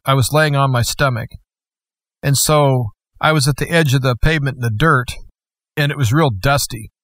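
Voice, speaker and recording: A man telling a personal testimony in an earnest, deliberate storytelling manner. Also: medium pitch, a bit bright, no echo.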